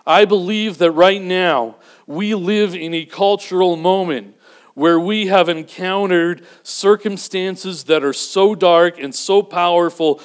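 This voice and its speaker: A man preaching a sermon, earnest and building to emphatic peaks before dropping to a low, quiet delivery. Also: slow pace. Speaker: pastor.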